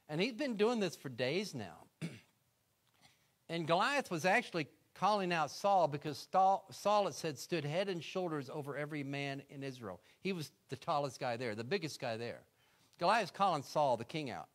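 High-voiced man preaching a folksy sermon. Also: lively intonation, moderate pace. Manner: folksy storytelling, acts out voices in retold scenes; swings from loud to soft, drops to a hush. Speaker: guest preacher.

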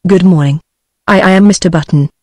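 A woman's voice: on the low side, a little fast, a little mellow, no echo, clean studio sound. British TTS woman as a nervous new father. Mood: pleading. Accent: British English. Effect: text-to-speech voice.

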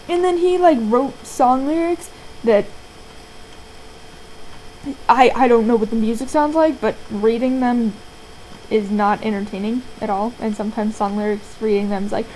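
A woman's voice: on the high side, moderate pace, warm tone, slight background noise, poor audio. A young woman ranting casually to her camera at home, exasperated and profane, rambling from one gripe to the next. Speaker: vlogger. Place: indoors at home, seated.

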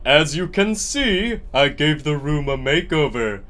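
A man's voice: a little high, animated, unhurried, fairly bright tone. A man voicing a cheerful gothic old wizard in a chirpy, mock-friendly tone. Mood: cheery.

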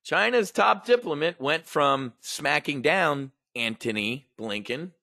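Here the host's voice sits fairly high: expressive, gravelly, bright, and forceful, delivered slowly. The man runs an options trading show and comments on the news in a blunt, rambling, profane style, casual market talk recorded at studio quality without echo.

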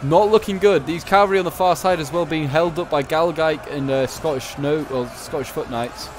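A man's voice: a little high, brisk, a little hiss or hum. A man giving casual, chatty commentary over a strategy game battle, thinking aloud with many fillers and restarts. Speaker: gaming commentator.

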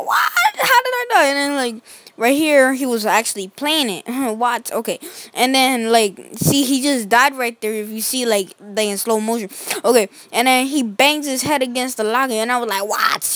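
A woman's voice: on the high side, normal speed, no echo. A woman giving casual, rambling commentary over a series of pictures, full of slang and filler words. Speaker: video host.

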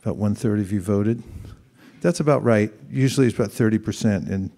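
A man's voice: on the low side, a little fast, vocal fry, mellow. Conversational man preaching to a live audience. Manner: conversational, asks the audience questions and acts out examples. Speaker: monk giving a spiritual talk.

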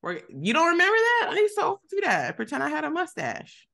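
A woman's voice: sits high, huge pitch swings, fast talker, vocal fry, pushed and bright. A woman co-hosting a podcast, arguing her side playfully in casual group banter. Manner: playful, argumentative. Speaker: podcast co-host.

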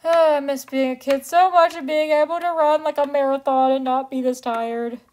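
A woman's voice: sits high, steady tone, normal speed, darkish tone, a little hiss or hum. A young adult woman hosting her own channel, chatting casually to viewers with lots of "like" and playful exaggeration. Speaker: channel host. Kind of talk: casual vlog talk to viewers.

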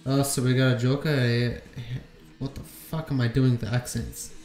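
A man's voice: medium pitch, little pitch movement, moderate pace, a little mellow, reverberant, faint music behind. A man giving casual, freely swearing commentary while streaming a game, muttering to himself.

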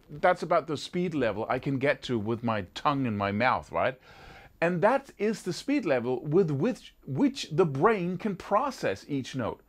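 A man teaching a guitar lesson in a casual, animated way, sometimes singing rhythms as syllables. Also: on the high side, a little slow. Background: guitar playing.

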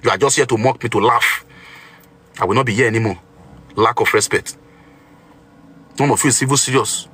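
A man's voice: medium pitch, a little fast, long pauses, a bit bright, breathy edge. A man with a Nigerian accent preaching on a livestream, boastful and indignant as he scolds his viewers. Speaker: self-styled pastor on a livestream.

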